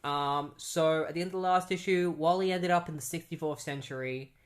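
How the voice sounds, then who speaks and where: A man's voice: on the high side, steady tone, a little fast. A man casually recapping a comic book plot, rambling with many "like"s and "um"s. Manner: rambling, heavy use of "like" and "um".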